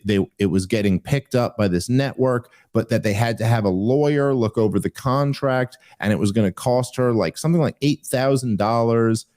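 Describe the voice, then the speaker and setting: A man hosting a podcast, a stand-up comic telling a story in casual conversation, getting more animated as he grows indignant. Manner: animated, rising higher when indignant.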